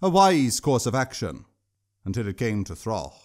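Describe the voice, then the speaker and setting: Guy reading his own fantasy audiobook, steady, pitch moves a lot. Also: moderate pace. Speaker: author and narrator. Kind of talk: audiobook narration.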